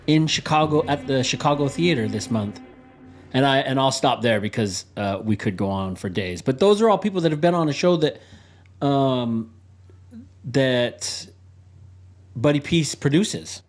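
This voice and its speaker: A man hosting a podcast, talking casually and enthusiastically, rambling with fillers and laughs. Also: medium pitch. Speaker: podcast host. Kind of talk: casual podcast intro and chat.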